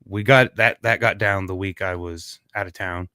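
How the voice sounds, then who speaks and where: A podcast co-host from Kansas, USA, chats casually in a laid-back, rambling way, trailing off and restarting. His voice sits low with fairly even intonation, normal speed and a sharp yet smooth tone, on a dry, studio-quality recording.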